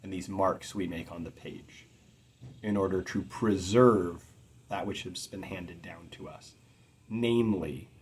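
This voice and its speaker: A middle-aged man teaching about poetic meter in an earnest, measured way, carefully stressing his words. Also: low-pitched, slightly rough. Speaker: poetry teacher.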